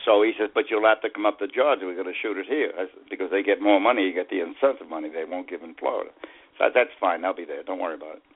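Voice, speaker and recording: A man's voice: sits low, racing. A man in his eighties with a Boston accent, telling rambling stories as an interview guest. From USA. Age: 80s. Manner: rambling anecdotes, hesitant fillers. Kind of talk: storytelling interview. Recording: phone line.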